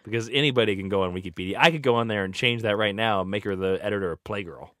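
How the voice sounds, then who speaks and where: A man's voice: on the low side, racing, fairly bright tone, no room sound, clean studio sound. A man co-hosting a casual podcast, joking and interrupting with quips and mock outrage. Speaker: podcast co-host.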